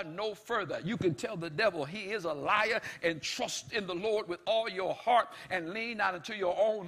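A man preaching a sermon with emphatic, repetitive phrasing, often shouting and acting out God's words in dialogue. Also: sits high.

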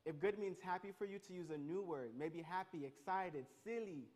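A man leading an interactive Bible lesson, energetic and calling on his listeners. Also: high-pitched. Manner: energetic, calls on the crowd, quick restarts. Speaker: youth pastor.

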